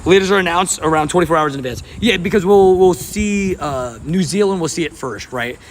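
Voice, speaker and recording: Man, outdoor livestream, casual chat, slightly high pitch, faint ambient noise. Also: a little fast. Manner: laughs often, talks to chat. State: sweaty and hot. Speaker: streamer. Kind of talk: casual live-stream chat. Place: outdoors at a park by water.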